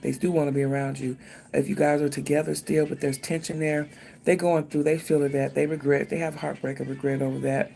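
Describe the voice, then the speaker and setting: A tarot reader talks loosely through a card spread, thinking out loud and swearing freely. The voice has a gravelly, creaky edge and sits at a middling pitch. A faint hum of noise runs under the recording. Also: flat delivery, fairly quick. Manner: speaks directly to the viewer. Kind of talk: casual tarot reading.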